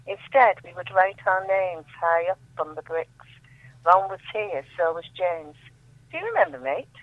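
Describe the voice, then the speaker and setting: A woman's voice: sits low, dry recording. A woman reading her own poetry aloud as a radio guest, reciting with emotion and rising repeated refrains. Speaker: guest poet on a phone-in. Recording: tinny dry phone line.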